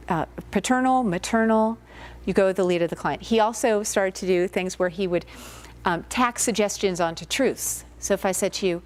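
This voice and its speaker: A woman hypnotherapist giving an informal guest lecture to students, talking conversationally and telling stories with plenty of filler words. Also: mid-range voice.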